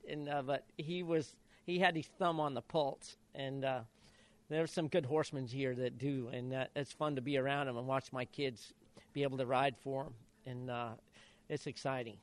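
A man's voice: mid-range voice, moderate pace. A man in his sixties from Idaho, a retired jockey telling stories in an interview and acting out the quotes. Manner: lively anecdotal, acts out quotes. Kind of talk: storytelling in an interview.

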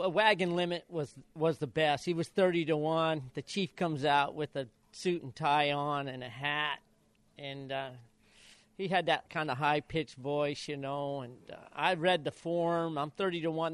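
A man's voice: on the high side, unhurried, clear, resonant tone, no echo. A man in his sixties from Idaho, a retired jockey telling stories in an interview and acting out the quotes. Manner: lively anecdotal, acts out quotes. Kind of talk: storytelling in an interview.

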